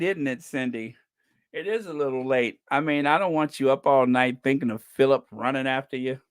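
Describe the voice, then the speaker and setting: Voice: medium pitch, moderate pace, smooth, no room sound, studio quality. A livestream host reading the chat in a casual, chatty way, laughing often and stretching out repeated no's.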